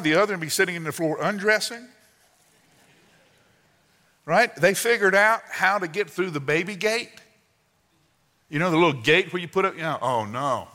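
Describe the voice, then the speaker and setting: A man in his sixties preaching a sermon, telling folksy family stories with sudden loud outbursts and soft asides. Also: on the high side. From Southern United States. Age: 60s. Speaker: pastor. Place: church sanctuary. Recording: long hall reverb.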